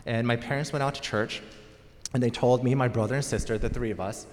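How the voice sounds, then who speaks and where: An American pastor preaches a sermon in a conversational, storytelling manner. His voice is medium-pitched, a little mellow and fairly even in intonation, and he talks a little fast. A long hall reverb colors the recording.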